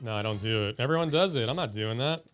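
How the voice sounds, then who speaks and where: A man appearing as a guest on a live stream, showing off items in a deadpan, mock-serious way. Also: medium pitch, clear, resonant tone, faint music behind. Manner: deadpan, slow mock-serious show-and-tell. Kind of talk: casual live-stream chat.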